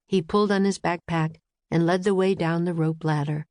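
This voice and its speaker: A woman narrating a children's audiobook with clear storytelling, recorded close in a studio. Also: on the low side, steady tone, moderate pace, a little mellow, no room sound. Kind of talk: scripted narration.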